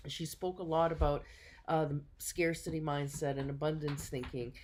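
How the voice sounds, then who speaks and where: A woman, a business owner telling a self-mocking story to camera in a casual, lively way. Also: low-pitched, moderate pace, noisy background.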